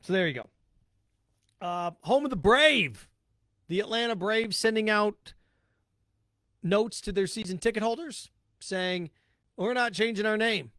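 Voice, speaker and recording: Ranting alone on his sports talk podcast, a high-voiced man is blunt and sarcastic, hammering the same points over and over. He's animated and fairly bright in tone, yet a little slow, with long pauses. The sound is dry and close with no room echo.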